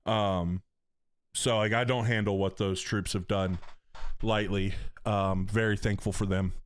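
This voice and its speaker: A man's voice: lowish voice, fairly even intonation, a little slow, dry recording. Chatty man streaming. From North Carolina, US. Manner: chatty, joking, slangy, reads chat aloud. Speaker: gaming streamer. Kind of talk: casual live-stream chat.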